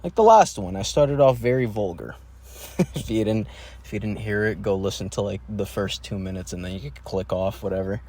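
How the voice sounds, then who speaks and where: Swearing and wandering off topic, a young solo podcast host rants his way through a monologue, constantly restarting. He speaks fairly quickly in a fairly low, dark voice with fairly even intonation.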